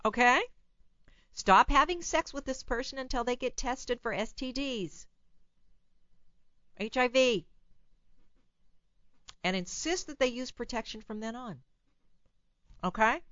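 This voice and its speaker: A woman hosting a call-in radio show as a psychologist, giving blunt, animated advice and laughing at her own remarks. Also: fairly high pitch, slow, pauses often, no room sound, muffled recording.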